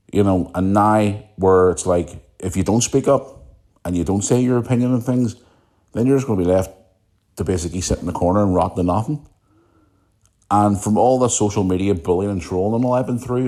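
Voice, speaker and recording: A man's voice: low voice, mellow. A British man hosting his own podcast, talking bluntly and emphatically in an opinionated solo rant, repeating his points. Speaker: podcast host.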